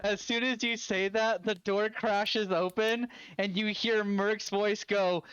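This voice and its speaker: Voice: mid-range voice, fairly even intonation, slow, fairly bright tone, clear, resonant tone, no room sound, dull audio. A game master narrating a tabletop game, describing scenes loosely and working around small restarts. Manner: narrates with many fillers and restarts.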